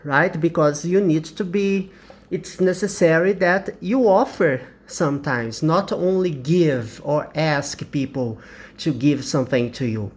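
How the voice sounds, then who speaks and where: A man's voice: on the high side, unhurried. A man with a Brazilian Portuguese accent teaching an English lesson, explaining carefully and repeating example sentences.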